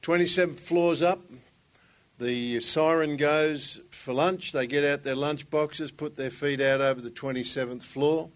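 A man with a slightly raised pitch gives a church talk in a relaxed, folksy storytelling manner. He speaks conversationally and sometimes restarts his sentences. He builds to a practical point about relationships. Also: measured pace. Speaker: guest speaker. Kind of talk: sermon with joke.

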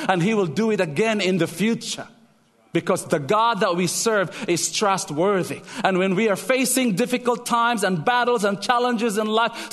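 High-voiced preacher. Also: male voice, big-room sound. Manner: animated storytelling, emphatic repetition. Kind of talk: sermon.

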